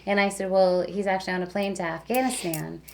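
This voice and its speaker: A fast-talking woman with a creaky, steady mid-range voice shares casual stories as a guest; she works as a radio DJ. Her chatter is loaded with "like" and "you know," over slight background noise.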